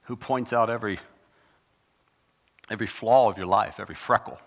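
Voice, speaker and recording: A man preaching a sermon in a dramatic, conversational way, with sudden bursts of loud emphasis. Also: lowish voice, brisk. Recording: long reverb of a large hall.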